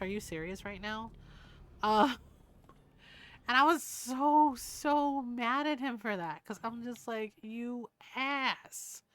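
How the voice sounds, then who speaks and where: Slow-talking woman streamer, bit high. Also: a little hiss or hum. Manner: chatty, teasing, laughs often. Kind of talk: casual gameplay commentary.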